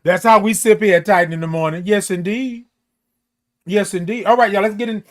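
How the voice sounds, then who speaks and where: Broadcasting a casual livestream from his Christmas-decorated home, this morning show host keeps the camera close to his face. His voice is high, playful, and brisk, and he drawls as he greets viewers by name and chats.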